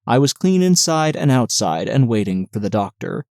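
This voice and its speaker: A man narrating an audiobook in a calm, measured reading. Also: medium pitch, vocal fry, dry recording, studio quality.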